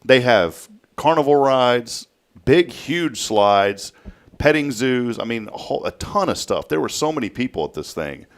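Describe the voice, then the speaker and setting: Animated man telling a story. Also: mid-range voice, measured pace. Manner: animated storytelling, acts out a child's voice. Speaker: talk show host. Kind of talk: casual studio chat. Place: local TV studio.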